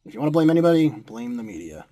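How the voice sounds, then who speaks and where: A man's voice: mid-range voice, big pitch swings, racing, dark tone. A young American man commenting on a strategy war game he is playing, sarcastic and given to swearing at the computer opponents. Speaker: gameplay commentator.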